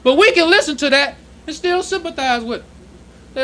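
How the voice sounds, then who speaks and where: In a temple congregation hall with slight background noise, a man teaches a sermon in a strikingly high, bright and sharp voice. His manner is conversational and street-level, and he slows on purpose to read quoted passages.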